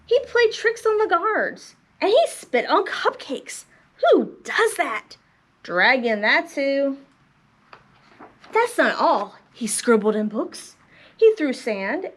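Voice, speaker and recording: A woman librarian reading picture books aloud to preschool children in an expressive storytelling manner. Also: sits high.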